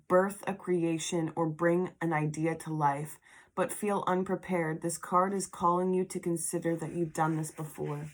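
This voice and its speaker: A woman doing a tarot reading in an emotional spiritual vlog, reading card text slowly and breaking into heartfelt asides. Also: on the low side. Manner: murmured affirmations. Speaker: tarot reader.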